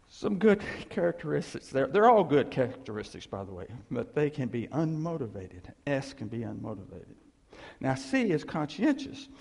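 A male pastor giving a conversational sermon, animated, checking in with the listeners and asking "okay?" again and again. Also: fairly high pitch, vocal fry, husky, long reverb tail.

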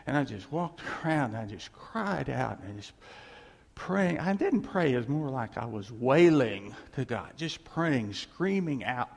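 Gravelly husky guy preaching, earnest, repeats himself, loud then soft, church echo. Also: medium pitch, expressive, measured pace. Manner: earnest, repeats key phrases, swings from loud to quiet. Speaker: pastor. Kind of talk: sermon. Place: church sanctuary. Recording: church hall reverb.

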